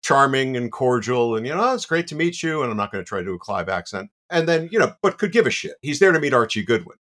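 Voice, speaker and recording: A man, a guest on the show, telling an anecdote in a casual, animated way with self-deprecating asides and lots of "you know.". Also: mid-range voice, fast talker.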